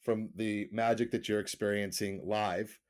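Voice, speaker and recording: A man's voice: lowish voice, little pitch movement, a little slow. A middle-aged man co-hosting a podcast remotely, chatting casually, rambling and correcting himself as he goes. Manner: rambling, self-correcting, laughs easily. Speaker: podcast co-host. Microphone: remote call.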